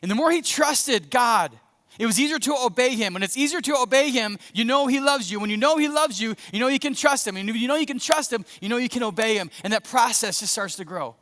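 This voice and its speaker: A man preaching a sermon as a pastor, conversational and animated, acting out scenes as he goes. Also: very high voice, fast talker. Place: church sanctuary. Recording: echoey church hall.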